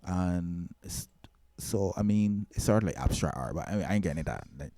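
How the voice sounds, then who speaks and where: A man's voice: low-pitched, a little fast, dark tone, no room sound. A man hosting a casual mixing tutorial, rambling with restarts and filler words. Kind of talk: casual screen-recorded tutorial.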